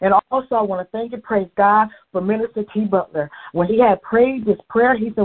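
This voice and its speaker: Husky-voiced woman testifying over phone. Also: fairly high pitch, fairly quick, few pauses. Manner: fervent, praising, storytelling with quoted exchanges. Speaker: church member sharing testimony. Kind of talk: fervent spoken church testimony. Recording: phone-line call audio.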